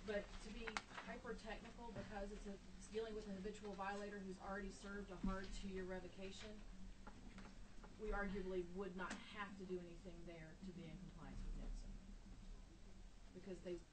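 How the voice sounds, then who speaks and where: A woman's voice: mid-range voice, flat delivery, brisk. A woman testifying before a legislative committee, giving precise technical explanations in a formal hearing. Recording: distant mic with loud background noise.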